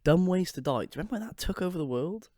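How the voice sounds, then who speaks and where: Young man, podcast co-host, raised pitch, close dry sound, excitable punchline builder. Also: racing, dry recording. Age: young adult. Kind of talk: casual chat.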